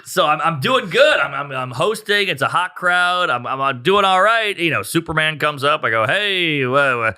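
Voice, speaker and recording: A man, a stand-up comedian, telling a profane, animated story in casual chat. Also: fairly high pitch, normal speed, few pauses.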